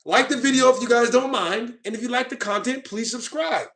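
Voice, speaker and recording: Very high-voiced and brisk, with a fairly bright tone, a man reads comments during a live stream. He argues with viewers in a defensive, lecturing manner, frequently checking "you know what I mean."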